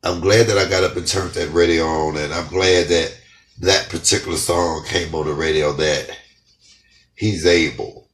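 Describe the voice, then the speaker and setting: A middle-aged man speaking fervently in an emotional testimony vlog, a little hoarse from shouting and crying with joy, talking in his house. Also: low-pitched, steady tone, normal speed. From United States. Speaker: comedian vlogger. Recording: echoey room, off-mic.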